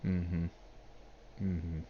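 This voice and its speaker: A man speaks in a flat, formal deadpan, lower in pitch than most. His mic sounds dull and lo-fi, with faint hiss behind him. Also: drawn-out words. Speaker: player. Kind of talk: in-character tabletop play.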